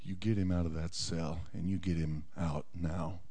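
A man preaching, voicing an anxious ancient king who barks orders at his servants in a loud, exasperated way. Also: sits low, fairly even intonation, normal speed, voice pushed down. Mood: commanding. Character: nervous, bossy ancient king, male.

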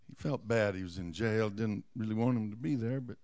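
A man's voice: on the low side, brisk, a little mellow. A male preacher retelling a Bible story dramatically, acting out scenes with folksy asides.

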